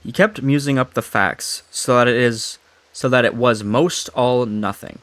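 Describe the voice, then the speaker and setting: A man's voice: mid-range voice, a little slow, fairly bright tone, no room sound. A young man chatting and reading a story aloud with a friend, laid-back and slangy, slipping over old words. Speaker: amateur story reader. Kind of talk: casual chat and read-aloud.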